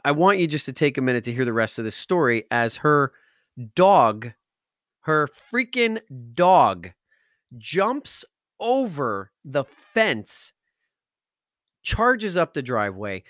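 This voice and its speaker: A man's voice: medium pitch, a bit bright, no echo. Podcast host guy, middle-aged, gets emotional and emphatic telling a story, dry close sound. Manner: intense, emphatic, rising to outbursts.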